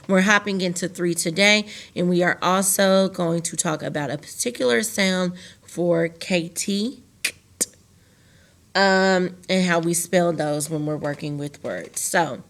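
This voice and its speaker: A woman teacher giving a recorded virtual phonics lesson, patient and repetitive, slowly drawing out words for her students. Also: lowish voice, vocal fry, fairly bright tone. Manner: patient, repeats key phrases and stretches words out for students.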